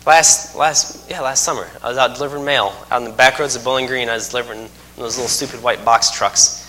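Guy preaching, bright forceful voice, folksy and jokey. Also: mid-range voice, steady tone, fast talker, a little hiss or hum. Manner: folksy, joking asides, emphatic repetition. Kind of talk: sermon.

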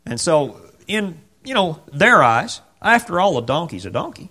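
Male preacher, slightly high, very animated; chatty sermon, acts out the voices in the story. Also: moderate pace, hardly any pauses. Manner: conversational, rhetorical questions, acts out quotes. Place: church.

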